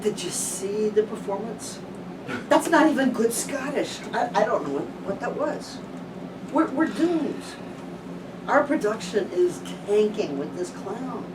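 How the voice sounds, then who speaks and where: A woman's voice: mid-range voice, sing-song, unhurried. A woman playing an exasperated, sarcastic school-play organizer in an improv scene, heard from a distance over room noise.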